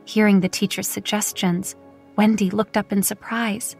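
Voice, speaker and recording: A woman narrating a romance audiobook in a steady, even storytelling manner. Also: mid-range voice, normal speed, slightly rough, faint music behind. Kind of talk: scripted narration.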